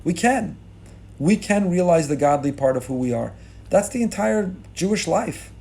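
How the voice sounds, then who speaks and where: A middle-aged rabbi giving a sermon with rising emphasis, mixing in Hebrew and Yiddish religious terms. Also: male voice, high voice, lively intonation, moderate pace, dark tone. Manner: impassioned, rising emphasis on key lines.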